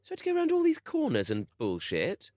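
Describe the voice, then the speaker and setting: A man's voice: fast, dry recording, studio quality. A man co-hosting a podcast in casual chat, telling stories with big swings in his voice. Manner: animated storytelling with big pitch swings. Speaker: podcast co-host.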